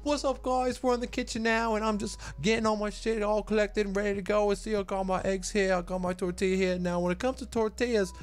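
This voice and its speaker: A squeaky, hyper young YouTuber fellow launches into breathless, over-eager patter, as a low-voiced man puts him on. His pitch jumps way up from his normal voice, with a vague put-on accent. It plays as a lampoon of video-host hype. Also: fairly even intonation, fast, hardly any pauses, clear, resonant tone, close to an everyday voice. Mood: hyped.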